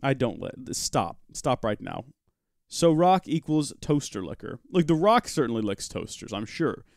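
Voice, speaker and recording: Male livestream host, animated up-and-down delivery, playful asides to chat, close dry mic. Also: medium pitch, moderate pace, vocal fry, no echo. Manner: chatty, joking asides, talks to chat and his pet rock. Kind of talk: live Minecraft modpack let's-play commentary.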